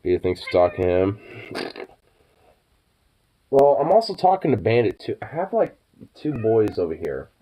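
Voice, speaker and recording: A man's voice: fairly low pitch, sing-song, normal speed, long pauses, warm tone. A young man chatting late at night to his pets, stoned and sleepy, cooing baby talk, swearing, laughing often. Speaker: vlogger.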